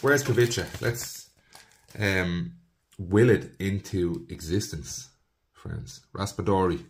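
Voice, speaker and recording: A man's voice: lowish voice, slow, background noise. A young man giving casual commentary while opening trading card packs, rattling off player names and talking to viewers as "folks.". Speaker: trading card box breaker.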